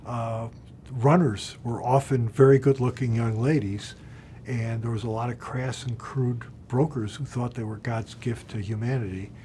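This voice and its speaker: A man's voice: medium pitch, dark tone, a little hiss or hum. An older man recounting his years as a floor trader and governor in an oral history interview, speaking bluntly with frequent fillers.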